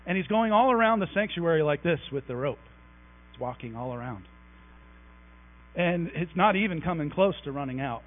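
A man preaching a conversational, animated sermon in a church sanctuary, joking with the congregation as he goes. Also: a little high, normal speed. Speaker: pastor. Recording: tinny phone-like recording with mains hum.

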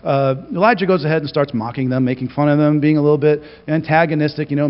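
Man, pastor delivering an animated sermon; a touch high-pitched, muffled recording. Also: fast talker, few pauses. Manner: animated storytelling, acts out quotes. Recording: reverberant, dull lo-fi hall recording.

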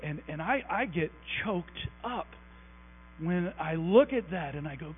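A man preaching a conversational, animated sermon in a church sanctuary, joking with the congregation as he goes. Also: a little high, unhurried, husky. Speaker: pastor. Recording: tinny phone-like recording with mains hum.

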